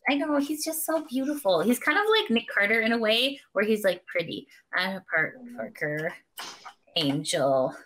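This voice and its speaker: A woman's voice: medium pitch, expressive, moderate pace, fairly bright tone. A woman from Canada co-hosting a podcast, chatting casually and gushing, easily sidetracked. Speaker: podcast co-host. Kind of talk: casual chat.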